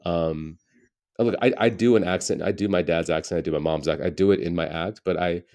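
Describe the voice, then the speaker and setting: As a guest in a relaxed interview, an American comedian in his forties shares candid, reflective stories full of "you know." He speaks a little fast, low-pitched and darkish in tone.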